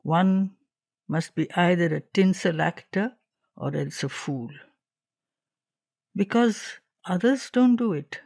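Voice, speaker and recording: A man reading a spiritual text aloud in a measured, deliberate way, with long pauses between phrases. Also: high-pitched, creaky, a little mellow, no echo, clean studio sound. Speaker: reader of spiritual texts. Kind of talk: slow devotional reading.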